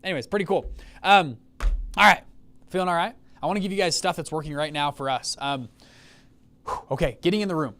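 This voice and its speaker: Upbeat, slightly high-voiced man hosting a webinar. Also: brisk, pauses often. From Utah. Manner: animated, storytelling with many restarts and check-ins. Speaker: fund manager and webinar host. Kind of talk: casual live webinar talk.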